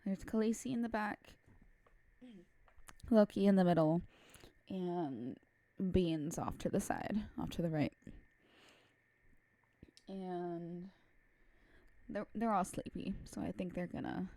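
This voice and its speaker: A woman's voice: lowish voice, slow, long pauses, warm tone. Chatty young woman streaming a game. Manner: chatty, reads game text aloud, laughs at herself. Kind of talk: casual let's-play commentary.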